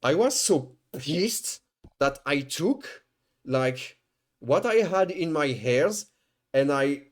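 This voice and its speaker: A man's voice: a little high, takes it slowly. Rambling man telling a story. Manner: rambling, restarting, swearing, animated retelling. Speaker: streamer. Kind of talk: casual storytelling on stream.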